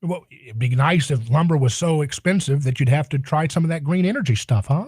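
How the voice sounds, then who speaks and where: A man's voice: fairly high pitch, expressive, moderate pace, darkish tone, dry recording. A man hosting a political talk radio show, delivering a sarcastic, indignant monologue.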